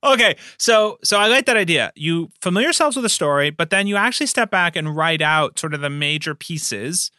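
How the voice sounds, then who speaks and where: A man co-hosting a casual chat about running tabletop games, animated and laughing often. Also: fairly high pitch, a little fast, few pauses, clear, resonant tone, no room sound, studio quality. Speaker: podcast co-host and game master.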